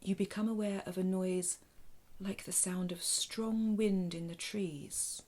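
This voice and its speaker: A woman telling a calm guided-imagination story to children in a soft, hushed, often half-whispered voice. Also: medium pitch, takes it slowly.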